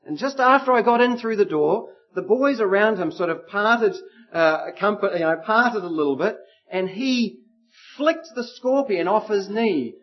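A middle-aged man preaching a sermon, telling stories with lively acted voices. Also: high-pitched, moderate pace. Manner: animated storytelling with acted voices. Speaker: pastor. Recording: slightly muffled lo-fi recording.

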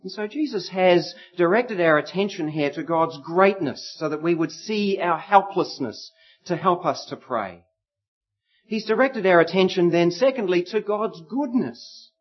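A middle-aged man preaching a sermon, telling stories with lively acted voices. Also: high-pitched, husky. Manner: animated storytelling with acted voices. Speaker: pastor. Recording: slightly muffled lo-fi recording.

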